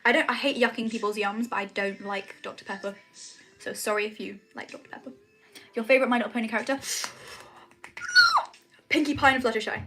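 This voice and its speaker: A woman's voice: fairly high pitch, fairly even intonation, brisk, pauses often, a bit bright, slight background noise. A young woman chatting casually on a livestream from her room at home, rambling with lots of "like" and "um". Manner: chatty, rambling, says "like" and "um" often. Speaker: streamer.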